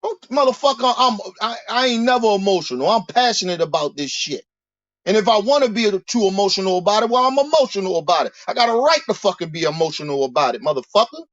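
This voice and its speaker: A man's voice: high-pitched, expressive, fast, a bit bright, dry recording, highs cut off. A man delivering a heated, profane monologue rant, preaching and repeating himself as he builds his points. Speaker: commentator.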